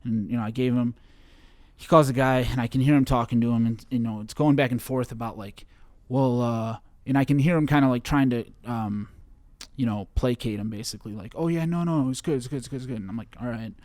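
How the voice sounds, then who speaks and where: Halting young man telling his story. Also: medium pitch, fairly even intonation, a little mellow, no echo. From Chicago. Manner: halting, full of fillers and restarts. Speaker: interview guest. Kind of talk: recounting a personal story.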